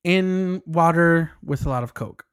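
A woman's voice: lowish voice, measured pace, clean tone. A woman co-hosting a podcast in casual chat, laughing often and swearing freely. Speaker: podcast co-host.

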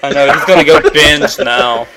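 A man's voice: a little high, steady tone, normal speed, over a noisy crowd, rough recording. A man co-hosting a podcast, gossiping and joking crudely in casual chat. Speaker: podcast co-host.

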